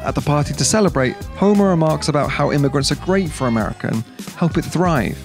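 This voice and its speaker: Gravelly-voiced man narrating an essay. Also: fairly high pitch, soft background music. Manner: measured, explanatory. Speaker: video essayist. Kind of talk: scripted narration.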